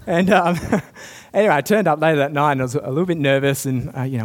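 A young man delivers a sermon with a fairly high-pitched voice. He tells a story earnestly, then pushes up to emphatic, insistent peaks when he presses a point home. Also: quick pace. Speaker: preacher.

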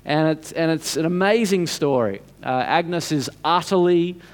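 A man preaching a sermon, telling a story in an unhurried, dramatic way and building to emphatic points. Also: fairly high pitch, lively intonation.

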